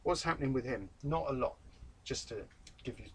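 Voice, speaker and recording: A man's voice: mid-range voice, fairly quick, a bit bright, far from the mic, slight background noise. A man hosting a casual football vlog indoors, making playful jokes and wordplay. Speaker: vlog host. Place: indoors, talking to camera.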